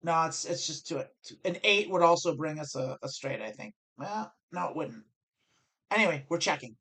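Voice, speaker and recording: A woman's voice: low-pitched, expressive, moderate pace, fairly bright tone, slightly rough. An American woman streaming online poker, explaining her decisions as she thinks aloud and corrects herself. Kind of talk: live-stream strategy commentary.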